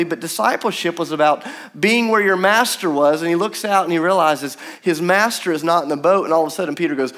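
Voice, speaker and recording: A young man delivers a sermon with a fairly high voice. He preaches in a chatty, animated way and slips into the voices of the people in his story. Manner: animated, conversational preaching with acted-out quotes. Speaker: pastor.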